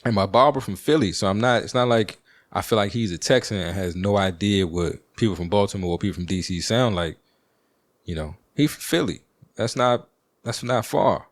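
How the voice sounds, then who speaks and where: Telling a relaxed, rambling story, a podcast host from D.C. speaks deep and low at normal speed, with plenty of slang and fillers. The recording is close and dry, free of room sound.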